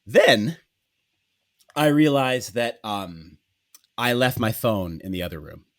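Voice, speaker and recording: A man hosting a podcast, telling a comic story in a profane, animated way and acting out the dialogue. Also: medium pitch, slow. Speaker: podcast host.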